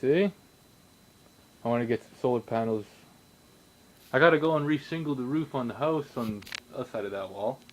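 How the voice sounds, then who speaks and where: A young man rambling casually in his home workshop, swearing a lot and breaking into sudden loud outbursts. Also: medium pitch, slight background noise, rough recording. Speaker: vlogger.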